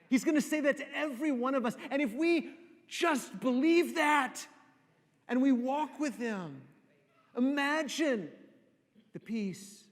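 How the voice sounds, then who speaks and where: A man preaching a sermon, repeating phrases for emphasis and dropping to soft, slow pauses. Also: very high-pitched, expressive. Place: church sanctuary. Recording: long reverb of a church hall.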